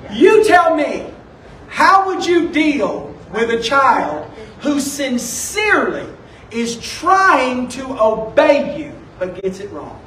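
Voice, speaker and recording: A man's voice: very high-pitched, big pitch swings, slow pace, sharp tone. A man, a pastor preaching a sermon and telling stories in a loose, conversational way. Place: church sanctuary. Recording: echoey room, distant from the mic.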